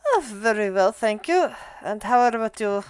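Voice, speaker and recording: A woman's voice: mid-range voice, lively intonation, normal speed, clear, resonant tone, lightly acted. A woman voicing a polite male merchant prince who trades with adventurers. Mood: gracious. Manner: courteous, gracious.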